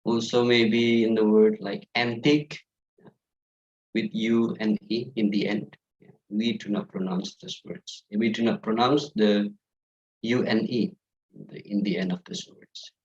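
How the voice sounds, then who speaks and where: A man's voice: on the low side, level tone, measured pace, a little mellow, dull audio. A young man with an Indonesian accent teaching English pronunciation in an online class, saying each word again and again to contrast the right and wrong ways.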